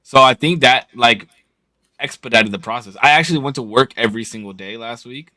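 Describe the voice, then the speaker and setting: A man's voice: medium pitch, fairly quick, sharp tone, dry recording. A man co-hosting a podcast, talking casually and bluntly with plenty of swearing. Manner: blunt, profane, laughing easily. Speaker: podcast co-host. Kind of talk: casual chat.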